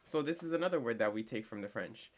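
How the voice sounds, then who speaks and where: A young man teaching a casual online French lesson, chatty and full of fillers, slowing down to spell out words. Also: medium pitch, expressive, slight background noise.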